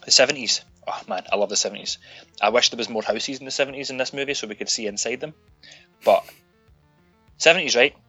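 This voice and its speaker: A Scottish man rants and jokes his way through a casual film-review chat, swearing freely. His voice sounds bright and forceful. The recording is slightly dull and lo-fi, with faint music underneath. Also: medium pitch, fast talker, husky. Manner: sweary, ranting, animated. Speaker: podcast co-host.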